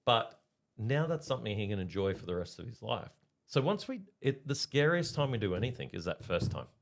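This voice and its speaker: A man's voice: lowish voice, fairly quick, vocal fry. A middle-aged man, co-hosting a podcast and telling stories in casual chat. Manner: storytelling, animated, checks in with listeners. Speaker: podcast co-host.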